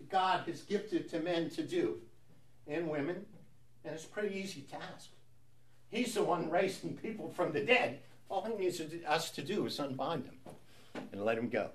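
Man teaching a Bible study. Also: fairly high pitch. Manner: conversational, asks rhetorical questions with frequent "right?".

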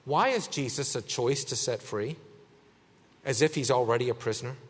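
A man preaching a sermon as pastor, emphatic, swinging between a raised voice and a hushed one. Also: mid-range voice, moderate pace, husky, in a large hall.

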